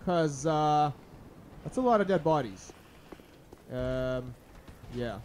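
A young gaming channel host gives blind let's-play commentary on a hard video game, swearing and yelling at enemies with sudden pitch jumps before muttering to himself. His intonation is lively but his pace slow, with slight background noise.

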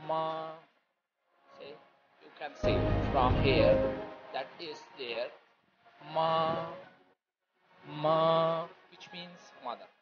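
Slow, deliberate male language teacher. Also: medium pitch. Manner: deliberate, repetitive explaining with pauses. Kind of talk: slow recorded lecture. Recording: dull lo-fi audio with loud music.

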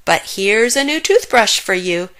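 A woman's voice: medium pitch, lively intonation, unhurried, a bit bright. A woman voicing a kindly, joking male hippo dentist in a storybook reading. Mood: jolly.

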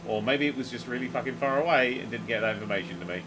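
A man giving excitable, sweary, laughing running commentary while playing a game. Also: mid-range voice, rapid-fire, background noise. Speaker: gaming video host. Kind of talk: casual let's-play commentary.

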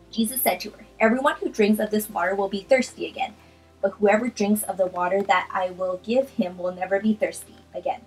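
A woman's voice: medium pitch, fairly even intonation, a little fast, slightly rough, soft background music, rough recording. A woman vlogger chatting casually with lots of ums, then reading a Bible chapter aloud. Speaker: art vlogger. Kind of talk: casual chat and scripture reading.

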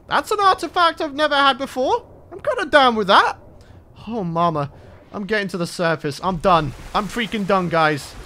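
A man's voice: high voice, sharp tone. A man hosting a let's play, talking nervously and exclaiming often as he plays. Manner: jittery, exclaims and repeats himself when scared. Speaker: gaming channel host.

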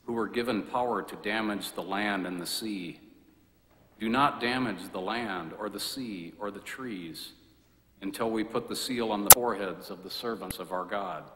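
A man's voice: lowish voice, a bit bright. Man reading scripture in an echoing church. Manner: measured, deliberate proclaiming. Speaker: lector. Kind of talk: reading scripture aloud at Mass. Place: large church. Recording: echoey church with long reverb.

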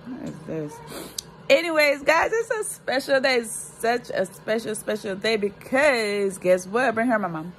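Young mom vlogger, unhurried, heartfelt, faint hiss behind, phone-recorded casual chat. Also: female voice, a little high, big pitch swings. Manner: slow, emotional, talks to viewers as "y'all". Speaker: vlogger and mother. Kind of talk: casual family vlog chat.

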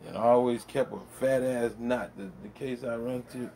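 A man's voice: mid-range voice, steady tone, moderate pace, gravelly, few pauses, warm tone, a little hiss or hum. A middle-aged man rambling bluntly in a casual monologue, full of profanity, recorded at home in his man cave. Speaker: vlogger.

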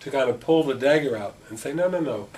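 A middle-aged man speaks fast in a mid-range voice as he gives a spiritual talk to a gathering. As a spiritual teacher, he tells stories animatedly and acts out dialogue. He's recorded in a meeting room through a distant mic with faint background noise.

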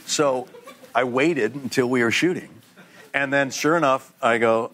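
Older man telling animated stories. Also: mid-range voice, measured pace. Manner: animated storyteller, acts out other people's voices. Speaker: guest actor. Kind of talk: casual anecdotal chat. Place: TV talk show studio.

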